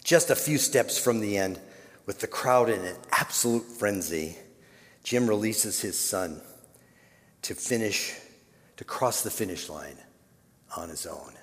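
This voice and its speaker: Male pastor, dramatic sermon, hushed then loud, long hall reverb. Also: fairly low pitch, lively intonation, a little slow, pauses often. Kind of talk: sermon storytelling.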